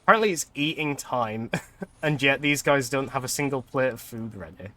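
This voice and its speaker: Young male streamer, bright clear tone, chatty, laughs a lot. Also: medium pitch, expressive, moderate pace. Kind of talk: casual gameplay commentary.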